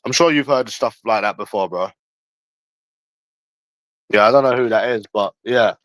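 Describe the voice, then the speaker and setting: A man's voice: fairly low pitch, normal speed, fairly bright tone, no echo, poor audio. A man ranting casually on a livestream, blunt and profane, talking straight to a viewer in chat. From England. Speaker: livestream host.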